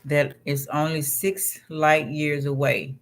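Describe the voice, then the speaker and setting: A man with a slightly high voice reads passages aloud in an unhurried way. He often breaks off into casual asides to his listener. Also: little pitch movement, creaky, a bit bright. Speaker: vlog host. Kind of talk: reading astrology text aloud and chatting.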